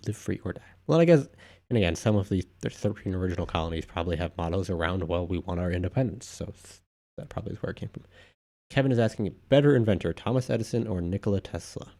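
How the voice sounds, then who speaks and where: A man with a low, mellow voice and a gravelly edge hosts a casual live stream. He reads viewer comments out loud and rambles offhand, with plenty of asides. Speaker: livestream host.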